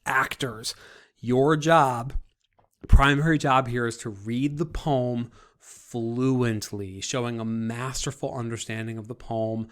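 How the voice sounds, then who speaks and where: A man teaching a class and explaining a group project to his students, talking in a relaxed, conversational way. His voice sits at an ordinary middle pitch for a man, and he often restarts his sentences and fills pauses with small hesitations. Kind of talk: classroom instruction video. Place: recorded for an online class.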